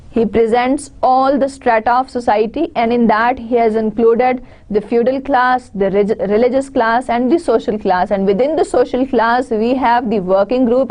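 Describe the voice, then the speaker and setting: A woman whose first language is Urdu gives an online lecture in Pakistani-accented English, walking through ideas step by step and restating her points. Her voice is on the high side, with a dark tone.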